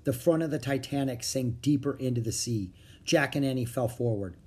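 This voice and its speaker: A reader narrating a children's book in a steady storytelling manner. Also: mid-range voice, moderate pace, slightly rough. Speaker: audiobook reader.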